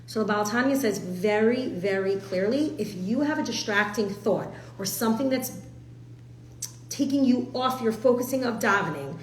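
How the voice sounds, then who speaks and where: A woman, teaching a casual class in a chatty, animated way, full of fillers and acted-out quotes. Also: on the high side, moderate pace, roomy sound, a little hiss or hum, rough recording. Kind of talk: casual spoken lesson.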